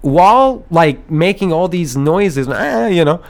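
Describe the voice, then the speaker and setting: A man's voice: fairly high pitch, slow, vocal fry. A man hosting a podcast, telling a story in a casual, rambling way, acting out the voices of other people and laughing as he goes. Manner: animated, rambling storyteller who acts out voices and laughs often. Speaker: podcast host.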